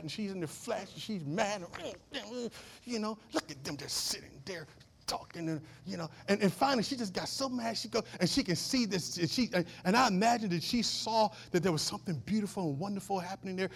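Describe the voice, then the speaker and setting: A male pastor preaching a sermon, swinging from loud declarations to hushed asides and asking the congregation questions. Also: high voice, creaky. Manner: asks the congregation call-and-response questions.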